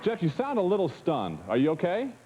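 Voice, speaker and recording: A man's voice: high-pitched, huge pitch swings, fairly quick, heavy background noise. A man co-hosting a TV talk show, joking around and stammering over his words. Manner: stammering, jokey, repeats words. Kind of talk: jokey TV talk chat.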